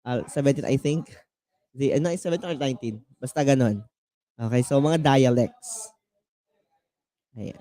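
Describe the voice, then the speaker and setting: A man from the Philippines with a Filipino accent, teaching an online class in a halting way, full of fillers and restarts. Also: mid-range voice, dark tone. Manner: code-switching, halting with many fillers and restarts.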